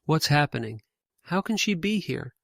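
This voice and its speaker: A man voicing a shaken, bewildered young son, talking quietly with a shaky voice. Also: fairly high pitch, very animated, normal speed, vocal fry, no room sound, clean studio sound, pitched above the performer's own voice, full character voice.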